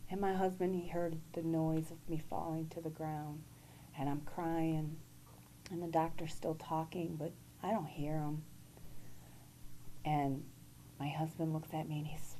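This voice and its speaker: A woman guest giving an earnest, halting personal testimony. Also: deep voice, level tone, mellow, slight background noise, low-quality recording.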